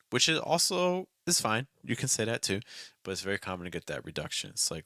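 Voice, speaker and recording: A man's voice: low-pitched, lively intonation, a little fast, pushed and bright, dry recording, studio quality. A man hosting a daily pronunciation lesson, energetically demonstrating phrases by repeating them several times. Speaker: pronunciation coach.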